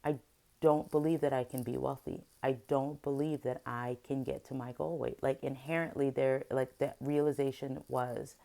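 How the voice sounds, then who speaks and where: With a bass voice that is creaky and dark yet steady, a middle-aged woman speaks at a moderate pace. She's a vlogger and therapist, emotionally venting an upsetting story in a confessional vlog and restarting many times.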